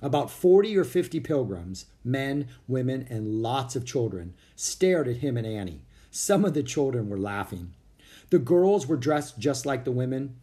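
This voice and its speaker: A man's voice: medium pitch, very animated, moderate pace, mellow. A man narrating a children's chapter book expressively, switching into voices for each character.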